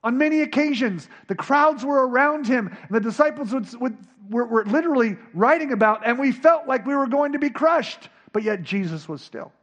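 A man preaching a sermon, dropping to a hush and then rising to near shouts as he acts out scripture. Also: extremely high pitch, animated, moderate pace, few pauses, dull audio. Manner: dramatic, swinging from hushed to shouting. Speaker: pastor.

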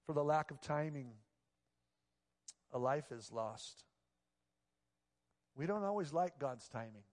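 Pastor preaching in a reverberant sanctuary. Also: male voice, fairly high pitch, lively intonation, slow pace. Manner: swings between hushed, intimate passages and loud, emphatic exclamations. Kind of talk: sermon. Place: church sanctuary. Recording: long reverb of a large church hall.

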